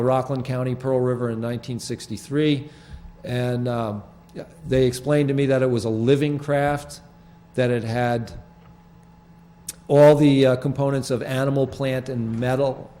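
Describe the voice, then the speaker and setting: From a studio, a man hosts a public access TV show, casually talking over his photos. His medium-pitched, mellow voice rambles and halts with many restarts.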